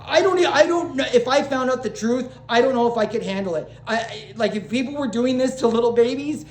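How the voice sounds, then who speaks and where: In a roomy, echoing recording, a woman with a fairly high voice rants to camera a little fast. She runs a small vlog channel, and her unscripted, agitated rambling keeps breaking into restarted sentences, curses, and apologies to viewers.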